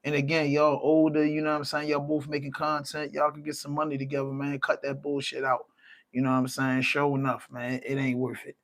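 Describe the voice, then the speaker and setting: Brief: easygoing male podcast host, slightly high voice, loose conversational commentary. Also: completely flat delivery, fairly quick, fairly bright tone. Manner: laid-back, peppered with "you know what I mean". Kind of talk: casual commentary.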